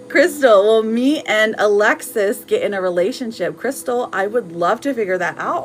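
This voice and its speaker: A woman giving casual tarot readings on a live stream, chatting warmly with viewers and laughing often. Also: mid-range voice, animated, normal speed, few pauses, faint music behind, rough recording.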